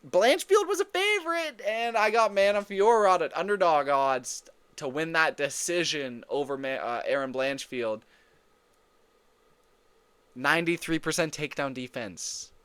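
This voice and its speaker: A man giving casual fight predictions in a smooth, clear voice that sits a little high. He gets excitable and swears freely, often repeating himself and correcting his own words mid-sentence. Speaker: MMA fight predictions host. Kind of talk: casual fight breakdown commentary.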